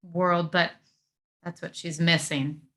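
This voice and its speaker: Bright-voiced mother chatting on podcast. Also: on the low side, flat delivery, slow. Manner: empathetic, speaks as a mother. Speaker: podcast co-host. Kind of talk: casual podcast discussion.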